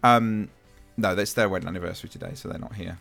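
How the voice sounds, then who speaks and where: Guy hosting a chatty podcast, lowish voice, jokey, faint music behind. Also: steady tone, quick pace, gravelly, a bit bright. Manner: joking, teasing. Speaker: podcast host. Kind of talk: casual chat.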